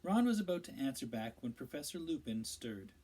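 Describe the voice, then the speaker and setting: A man narrating a storybook aloud in a steady, measured read-aloud style. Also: mid-range voice, husky, rough recording. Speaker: audiobook reader.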